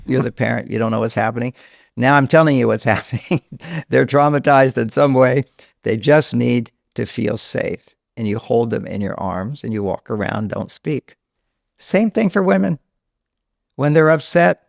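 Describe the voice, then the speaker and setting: An older man, a relationship counselor and author, explaining at length in a podcast interview and going hushed when he quotes a scared child. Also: medium pitch, normal speed, gravelly, dry recording, studio quality.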